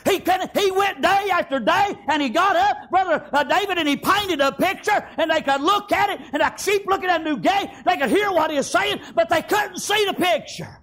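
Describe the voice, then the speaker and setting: Preaching with revival fervor, this very high-pitched man keeps a normal pace and rarely pauses. He shouts often, punctuating his sermon with "amen" and "praise God."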